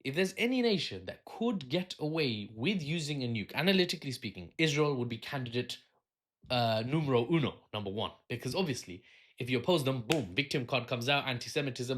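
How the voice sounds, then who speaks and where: A man's voice: mid-range voice, sing-song, fairly quick, a bit bright. A man hosting a solo political commentary video, talking in a sardonic, rambling way with asides and fillers.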